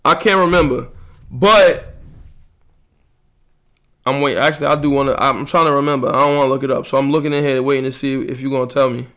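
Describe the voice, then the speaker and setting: A young man hosting a podcast, talking fast and heatedly, bragging and ribbing his friends in casual slang-heavy chat. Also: mid-range voice, steady tone, pushed and bright. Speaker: podcast host.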